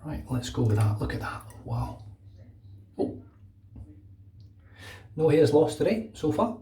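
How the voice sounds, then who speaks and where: A Glaswegian man from Scotland talking casually and quickly while he shaves, dropping in asides like "know what I mean". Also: on the high side, big pitch swings, warm tone, echoey room, recorded from a distance. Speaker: wet shaving channel host. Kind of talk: casual talk over a shave.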